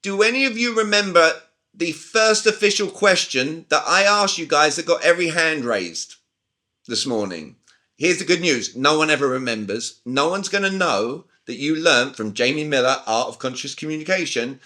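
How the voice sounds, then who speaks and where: Bright-voiced British coach in his forties. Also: fairly high pitch, lively intonation, moderate pace. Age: 40s. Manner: emphatic, talks straight to the group with questions. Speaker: communication coach. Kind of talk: live online sales training. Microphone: video call.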